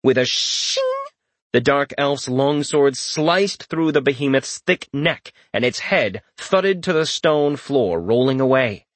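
A man's voice: mid-range voice, animated, slow pace, hardly any pauses, no room sound. Man narrating a fantasy audiobook.

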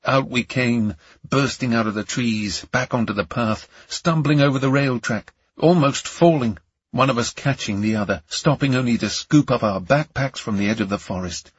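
A man narrates a thriller audiobook with a tense, gripping delivery. His voice is husky and sits low. The recording is dry and close, with a dull, lo-fi tone. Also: moderate pace, no echo.

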